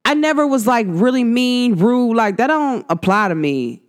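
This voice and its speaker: Here a woman with a voice on the high side talks at normal speed about astrology. She's a vlogger addressing her viewers directly to camera, casual, animated and slangy.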